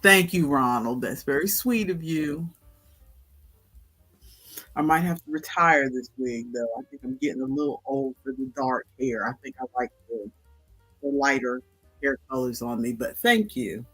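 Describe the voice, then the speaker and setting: A man's voice: medium pitch, moderate pace, pushed and bright, slightly rough, dry recording, soft background music. A man in his fifties hosting a casual livestream, chatting to viewers and thinking aloud as he works through a crossword. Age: 50s. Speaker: livestream host. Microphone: headset with headphones.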